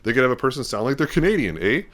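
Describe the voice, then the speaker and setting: A man's voice: mid-range voice, expressive, rapid-fire. A man hosting a podcast, talking in a casual, rambling way and acting out bits of quoted dialogue. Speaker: podcast host. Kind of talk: casual talk.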